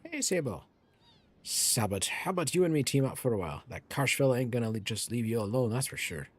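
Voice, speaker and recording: A man's voice: mid-range voice, expressive, fairly quick, slightly rough, dry recording. A man voicing a brash young female thief with a put-on Cockney accent and cocky, slangy banter.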